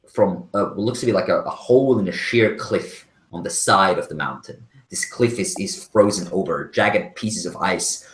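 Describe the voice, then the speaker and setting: Game master, male, very low voice, halting descriptive narration in an echoey room. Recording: roomy echo.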